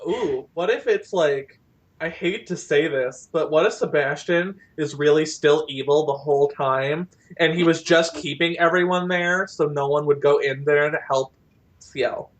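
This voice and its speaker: A woman's voice: low-pitched, a little slow. A young woman co-hosting a casual review chat, chatty and playful. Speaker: co-host.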